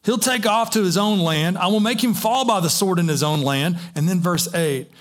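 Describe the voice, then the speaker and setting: A man preaching a sermon, telling a story in an animated way with many restarts. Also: high voice, normal speed.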